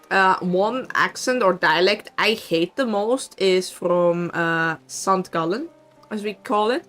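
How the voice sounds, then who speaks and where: A young woman with a Swiss German accent chats casually with her stream audience, laughing often and swearing freely. Her voice is bright and clear. Faint music plays behind her. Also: medium pitch, slow. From Switzerland. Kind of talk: casual chat.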